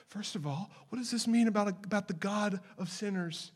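A male pastor with a high voice delivers a sermon. He builds to loud, urgent questions, then drops to hushed, slow emphasis on key phrases. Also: slightly rough.

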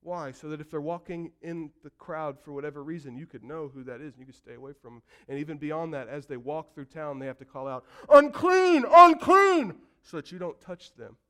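A man preaching a sermon, telling the story vividly and acting out voices, building from quiet to loud calls. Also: a little high, steady tone, a little fast, few pauses. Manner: storytelling preacher, acts out quotes and builds to shouts. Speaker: pastor.

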